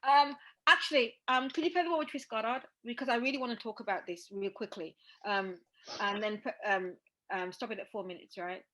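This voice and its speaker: A woman's voice: fairly high pitch, a little fast, pushed and bright, low-quality recording. A woman hosting a casual podcast discussion, speaking emphatically with many fillers. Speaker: podcast host.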